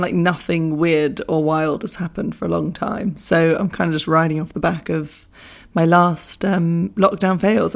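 A young woman hosting a podcast, talking casually with a hoarse, croaky voice from losing it, chatty and self-mocking, laughing often. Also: on the low side. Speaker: podcast host. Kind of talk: casual solo podcast chat.

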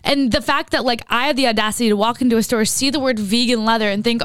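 Young woman, podcast co-host, fairly high voice, smooth clear tone, dry close sound, ranting casual chat. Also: quick pace, few pauses, no echo. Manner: ranting, animated, swears, says "like" a lot.

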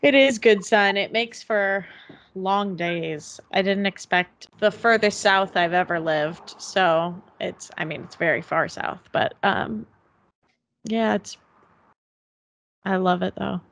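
A young woman co-hosting a podcast in casual chat, relaxed and rambling with lots of fillers. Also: mid-range voice, slow pace, gravelly. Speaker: podcast co-host.

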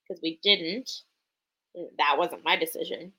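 A woman's voice: on the low side, measured pace, bright, forceful tone, poor audio. Easygoing woman chatting on a podcast. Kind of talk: casual chat.

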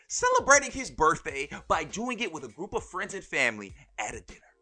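A young adult man hosting a podcast, telling stories in an animated way and often calling out "ladies and gentlemen". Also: fairly high pitch, fairly quick. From born in Turkey, raised overseas in a military family. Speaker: podcast host. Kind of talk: solo podcast monologue.

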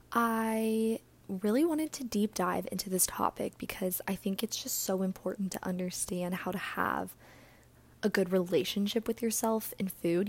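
A young woman hosting a casual solo podcast, chatty and earnest, sounding a bit out of breath and breathy, with words often trailing off into a whisper. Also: medium pitch, a little mellow. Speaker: podcast host.

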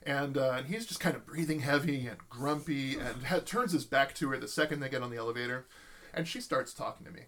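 A storyteller on a podcast, this man spins a lengthy tale in a relaxed way, speaking a bit quickly at medium pitch. He brings the story to life by performing the quoted voices of its characters.

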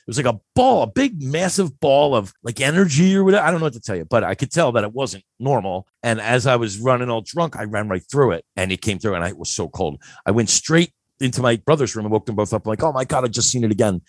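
Animated storyteller man in his fifties. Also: mid-range voice, quick pace, few pauses, no echo, studio quality. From Philadelphia. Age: 50s. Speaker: guest. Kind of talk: casual storytelling.

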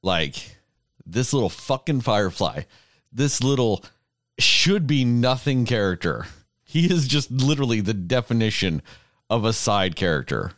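A man's voice: medium pitch, very animated, measured pace, a bit bright, no echo, clean studio sound. A man in a casual chat, ranting emotionally with heavy swearing and laughing between his words.

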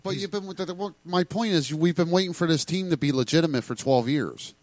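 A man's voice: a little high, quick pace, dry recording. A man in a casual sports chat, pushing his argument and swearing. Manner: argumentative, profane.

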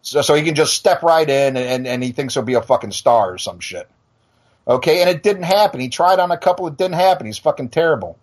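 Talking fast in an animated, high-side voice, a middle-aged podcast and radio host rants bluntly and profanely in a casual, heated way, stumbling into restarts as he speaks.

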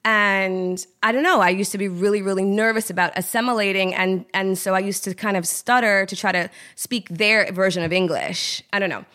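Telling her story as a guest in an informal interview, a woman from Trinidad speaks at medium pitch and normal speed with few pauses. She's animated and performs the voices of those she quotes.

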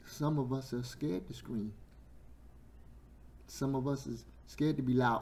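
Hoarse preacher man, slow and rising. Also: mid-range voice, slight background noise. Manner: builds to shouting, stretches words, sore throat. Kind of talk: sermon.

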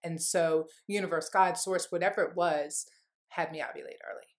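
A woman's voice: on the low side, steady tone, moderate pace. A woman guest in an interview telling a candid personal story in an earnest, rambling way, full of "like" fillers. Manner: rambling, heavy use of "like" fillers; earnest, heartfelt.

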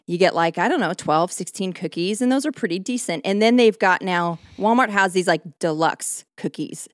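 Animated woman ranting on a podcast. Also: lowish voice, moderate pace, no echo, studio quality. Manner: animated storytelling rant. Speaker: podcast co-host. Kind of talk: casual podcast chat.

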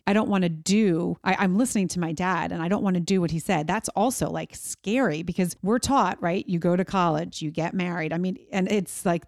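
A woman's voice: fairly low pitch, darkish tone, dry recording, studio quality. A middle-aged woman hosting an interview, talking in a heartfelt, rambling way with many restarts. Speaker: host. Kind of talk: casual interview chat.

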